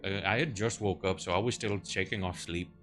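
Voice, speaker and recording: A man's voice: low voice, steady tone, fairly quick, fairly bright tone, faint music behind. A man voicing a nervous male cremation-ground keeper in a put-on Cockney accent, stammering and pleading. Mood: anxious.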